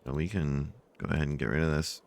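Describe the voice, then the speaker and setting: A man's voice: rumbling low, fairly even intonation, fast, vocal fry, a little mellow. A sleepy man casually narrating his strategy game, rambling with many fillers and yawns, at a desk microphone at home. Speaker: gameplay channel host.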